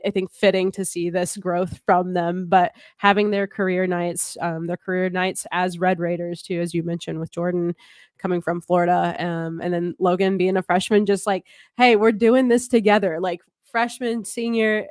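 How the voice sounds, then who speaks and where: A woman's voice: lowish voice, dry recording, clean studio sound. A young woman co-hosting a casual sports recap show. She gushes with enthusiasm and fills her talk with "like" and "y'all". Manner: enthusiastic, gushing, full of fillers like "like" and "y'all". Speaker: sports podcast co-host.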